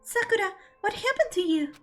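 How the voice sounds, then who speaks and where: A woman's voice: very high-pitched, lively intonation, brisk, over music. A woman streamer reading video game dialogue aloud, dramatic and emotional, close to tears.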